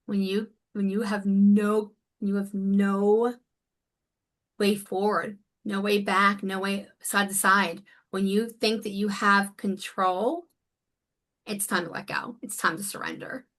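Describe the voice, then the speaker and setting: A woman's voice: mid-range voice, little pitch movement, slow, a bit bright. A woman life coach speaking as a guest in a conversational interview, earnest and emphatic. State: near tears.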